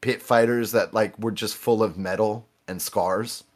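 Animated, swearing man telling stories. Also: fairly low pitch, measured pace. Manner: animated, profane, with many restarts and quoted voices. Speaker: podcast guest. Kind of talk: casual storytelling chat.

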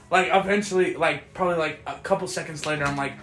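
A man's voice: high-pitched, quick pace, hardly any pauses, reverberant. A man telling stories in a casual chat, profane and laughing as he goes. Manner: profane, laughing, animated storytelling. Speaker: podcast host.

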